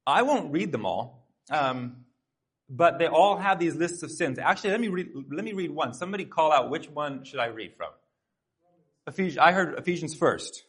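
A man with a husky, slightly breathy voice delivers a sermon in a church sanctuary. He preaches in an earnest, conversational way and turns aside now and then to talk straight to the congregation. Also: a little high, lively intonation, normal speed, fairly bright tone. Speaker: pastor.

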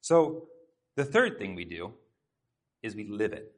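A man with a husky, slightly breathy voice delivers a sermon in a church sanctuary. He preaches in an earnest, conversational way and turns aside now and then to talk straight to the congregation. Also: lowish voice, very animated, unhurried. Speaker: pastor.

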